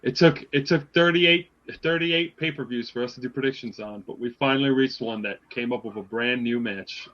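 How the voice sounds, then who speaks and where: A man's voice: medium pitch, moderate pace, few pauses, fairly bright tone. A man co-hosting a casual podcast, upbeat and playful. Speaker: podcast co-host, scorekeeper. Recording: dull lo-fi audio.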